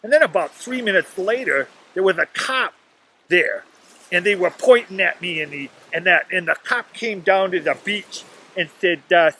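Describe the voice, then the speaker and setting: Bright-voiced man rambling on a beach. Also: sits high, lively intonation, normal speed, slight background noise, rough recording. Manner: rambling, chatty storytelling. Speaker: vlogger. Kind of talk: casual outdoor video diary. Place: lakeshore beach outdoors. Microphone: laptop webcam.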